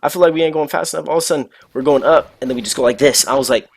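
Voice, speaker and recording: A young man telling a story casually, animated and full of slang and swearing. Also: on the high side, rapid-fire, vocal fry, no echo.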